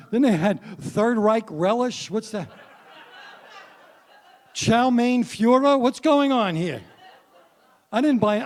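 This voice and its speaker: Stand-up comic, male, 60s, high-pitched, wry punchy delivery, works the room. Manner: punchy, wry, addresses the crowd. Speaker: stand-up comedian. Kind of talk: stand-up comedy set. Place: stage before a live audience.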